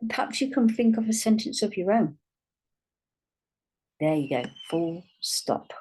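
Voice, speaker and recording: A woman teaching a writing lesson, speaking patiently and dictating words slowly as she writes them out. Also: mid-range voice, lively intonation, mellow, slightly rough. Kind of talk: dyslexia writing lesson, thinking aloud while writing.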